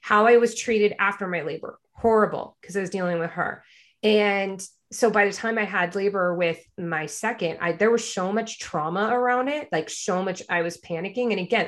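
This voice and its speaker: A young adult woman chatting casually, telling a personal story with lively energy. She slips into quoted voices, at times pitching up and getting louder. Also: moderate pace. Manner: animated storyteller, acts out quoted people.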